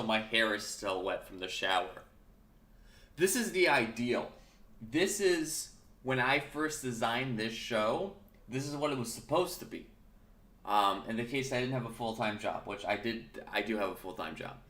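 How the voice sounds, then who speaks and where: A man's voice: medium pitch, expressive, normal speed, a bit bright, reverberant. A man hosting his own casual morning talk show, rambling and correcting himself, with his early-morning voice still in his throat. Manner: chatty, rambling, self-correcting. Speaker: podcast host.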